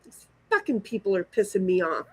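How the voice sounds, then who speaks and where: A woman's voice: medium pitch, big pitch swings, fairly quick, breathy edge, dry recording, low-quality recording. Furious ranting woman, close and dry. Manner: furious, ranting, swearing, repeating herself. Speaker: vlogger. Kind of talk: angry venting to camera.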